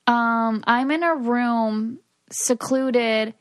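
A woman's voice: a little high, extremely slow, smooth. A woman co-hosting a casual chat, telling stories in a chatty way full of "like". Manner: chatty, storytelling with many "like"s. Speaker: co-host.

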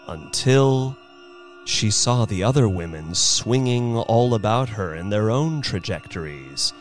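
A man narrating a short story as an audiobook reading, slow and expressive. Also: fairly low pitch. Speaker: narrator and performer.

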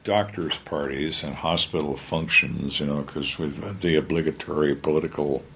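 A man's voice: rumbling low, steady tone, moderate pace, gravelly, fairly bright tone, a little hiss or hum. An older man, a retired homicide lieutenant, telling blunt, wry stories from his career in an interview. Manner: blunt, plain-spoken, wry. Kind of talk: candid storytelling interview.

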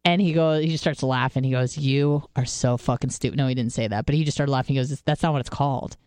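A woman radio co-host in casual studio chat, her voice smooth and clear over a dry, close mic. She tells stories frankly, swears freely and stumbles through fillers. When she quotes someone, her voice leaps much higher. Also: fairly even intonation, quick pace, darkish tone, no echo. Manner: candid and profane, lots of fillers and restarts.

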